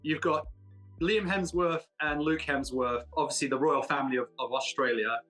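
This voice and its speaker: A man from Britain, an actor guest in a casual interview, talking in a jokey, self-mocking way with quick asides. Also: fairly high pitch, steady tone, pushed and bright, faint music behind.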